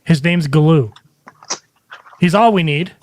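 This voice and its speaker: A man's voice: a little high, a little slow, background noise. A man on a casual sports podcast who jokes around, chuckles and shares offbeat trivia.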